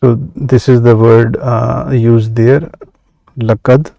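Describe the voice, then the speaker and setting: Slow-paced man teaching Arabic grammar. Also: mid-range voice, flat delivery, creaky, dark tone, no echo, muffled recording. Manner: measured, many "uh" pauses, slow deliberate explanation. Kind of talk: explaining grammar from a workbook.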